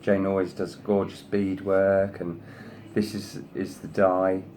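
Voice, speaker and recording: Slowly and in a mellow monotone, with a little hiss or hum behind him, an adult man casually shows off design samples in a craft video. He rambles, says "you know" a lot and praises each sample at length, coaxing his pet in a higher voice. His sister is past thirty.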